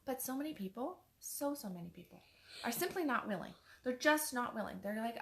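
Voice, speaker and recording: A woman's voice: on the high side, lively intonation, a little fast, creaky, fairly bright tone, a little hiss or hum. A woman life coach giving a chatty motivational talk, repeating her points for emphasis. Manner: chatty, acts out other people's words.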